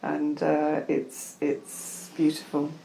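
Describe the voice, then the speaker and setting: Low gravelly woman on a call. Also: completely flat delivery, a little hiss or hum. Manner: soft, slow, hushed incantations. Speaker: spiritual healer. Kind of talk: channeled session and casual chat. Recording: roomy echo.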